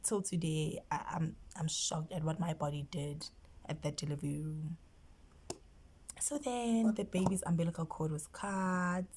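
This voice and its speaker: A South African woman with a low voice tells her story to the camera. She is emotional and keeps slipping into a hushed whisper. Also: measured pace, noisy background. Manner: emotional, often drops into a whisper. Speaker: vlogger. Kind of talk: storytime vlog.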